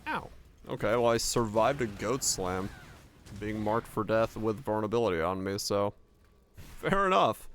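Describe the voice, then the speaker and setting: A man's voice: lowish voice, lively intonation, moderate pace, fairly bright tone, slight background noise. A man streaming a video game, thinking aloud in casual commentary with a laid-back manner and the odd swear word. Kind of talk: casual live gameplay commentary.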